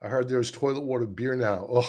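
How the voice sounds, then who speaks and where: This stock-chart live-streamer speaks at medium pitch and a moderate pace, his tone fairly bright. He keeps the commentary casual, chatty, and sarcastic, with frequent asides.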